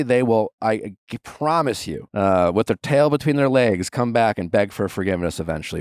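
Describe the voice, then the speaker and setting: A blunt man in his thirties gives advice on a podcast, emphatic and unfiltered, with a middle-pitched voice. He is recorded close and dry, with no room sound. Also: dry recording. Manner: blunt, emphatic, swears freely. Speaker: podcast host giving advice. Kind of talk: casual advice chat.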